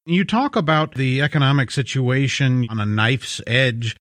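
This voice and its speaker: Lively-voiced male interview host. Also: medium pitch, normal speed, no room sound. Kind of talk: interview questions.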